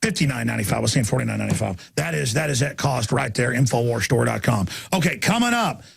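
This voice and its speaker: A man hosting a talk radio show, delivering an impassioned ranting monologue that swings from shouts down to low murmurs. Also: expressive, quick pace, creaky, breathy edge.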